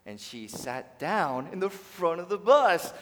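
A pastor preaching a sermon to his congregation, swinging from hushed to loud and addressing the listeners directly. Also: high-pitched, sing-song, unhurried. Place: church sanctuary. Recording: long reverb of a large hall.

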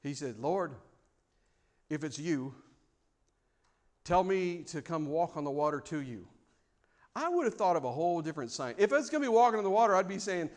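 A male pastor delivers a sermon in a fairly high voice. He swings from loud, mock-formal prayers down to quiet, reflective passages. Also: expressive, normal speed, pauses often.

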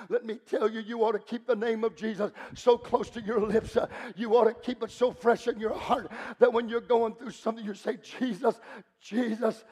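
A man preaching a sermon, swinging from loud fervent shouting to low, intense speech. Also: breathy edge.

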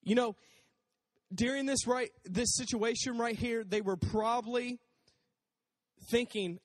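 High-voiced man preaching in a hall. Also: unhurried, pauses often. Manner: conversational, animated, acts out voices. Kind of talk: casual sermon.

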